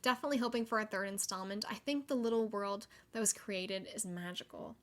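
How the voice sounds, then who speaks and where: Excitable young woman podcast host. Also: mid-range voice, a little fast, hardly any pauses. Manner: chatty and excitable, many likes and laughs. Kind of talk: solo gaming podcast.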